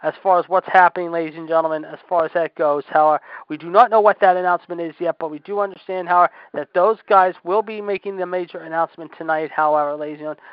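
High fast-talking wrestling announcer man. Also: clear, resonant tone, dry recording, narrow, tinny audio. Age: 40s. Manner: excitable announcer patter, filler phrases like 'ladies and gentlemen'. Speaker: play-by-play commentator. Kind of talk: mock wrestling commentary.

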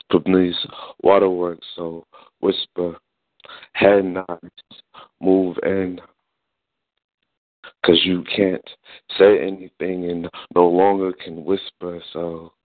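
A man performing slow, sensual spoken word poetry in a hushed, unhurried voice. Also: dry recording. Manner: low, hushed, unhurried delivery. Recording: dry phone-line audio.

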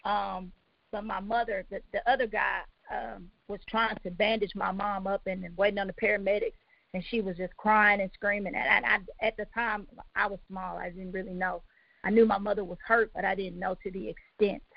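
Halting, emotional woman with a gravelly voice. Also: medium pitch, little pitch movement, no room sound. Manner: halting, many ums and restarts. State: emotional, near tears. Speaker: guest sharing her life story. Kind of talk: personal testimony on a talk show. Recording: dull, lo-fi, dry sound.

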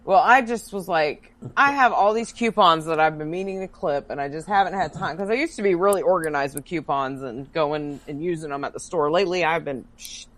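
Woman, podcast co-host, casual chat, sarcastic, swears a lot, laughs often, lowish voice. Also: a little fast, hardly any pauses, fairly bright tone.

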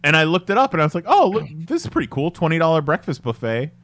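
A man's voice: a little high, big pitch swings, fast talker, a bit bright. A man co-hosting a podcast, chatting casually, teasing his friend and laughing a lot. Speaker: podcast co-host. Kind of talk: casual chat.

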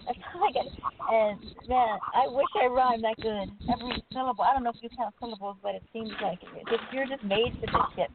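A woman's voice: on the high side, a little fast. A woman co-hosting a poetry show, gushing with praise and cursing freely in casual chat. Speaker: co-host. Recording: tinny phone line with faint hiss.

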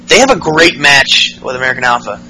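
A man's voice: mid-range voice, animated, brisk, sharp tone, slight background noise, poor audio. A man hosting a podcast, giving a casual, rambling and profane recap of wrestling shows, full of fillers. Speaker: podcast host.

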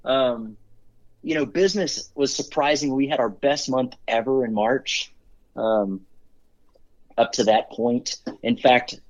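Speaking slowly in a medium-pitched voice, a middle-aged CEO rambles cheerfully through stories in a casual interview, full of fillers and restarts. The audio is dull and lo-fi.

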